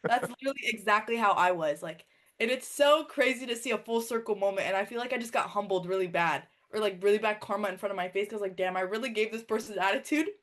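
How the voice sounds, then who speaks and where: Young woman, rapid speech, casual chat, animated storytelling, filler-heavy. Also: mid-range voice. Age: young adult. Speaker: former college wrestler and coach. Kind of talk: casual conversation.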